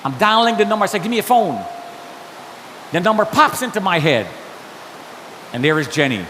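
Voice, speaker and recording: A man tells his story in a church hall, his high voice leaping up and down as he acts out the people he met. His words ring with a long reverb, over a faint hiss. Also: brisk. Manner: animated, acts out dialogue with shifting pitch. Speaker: guest speaker sharing testimony. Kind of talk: storytelling testimony. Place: church auditorium.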